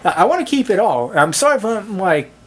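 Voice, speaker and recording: A man's voice: sits high, sing-song, fairly bright tone. A man tells a camera how a movie night went wrong, swearing often and sounding thoroughly exasperated. His delivery rambles, stumbling through restarts and filler words as he complains. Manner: halting, full of restarts and "like". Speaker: movie reviewer. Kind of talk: ranting movie-theater story.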